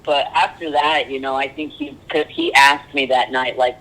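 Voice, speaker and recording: A young man sharing his story as a podcast guest, earnest and halting, with frequent ums. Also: medium pitch, sing-song, sharp tone, poor audio. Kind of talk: candid personal interview.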